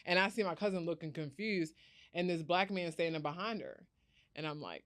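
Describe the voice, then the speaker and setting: Animated woman telling a story. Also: fairly low pitch, normal speed, long pauses, no room sound, clean studio sound. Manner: animated, acts out quoted voices. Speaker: guest, startup founder. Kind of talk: storytelling in an interview.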